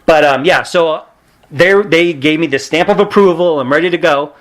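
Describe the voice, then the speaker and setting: A man in his forties, a podcast guest, telling stories in a casual chat and acting out quotes in a higher voice. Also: normal speed. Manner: animated, laughing, acts out quotes in a higher voice. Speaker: podcast guest, pro wrestler.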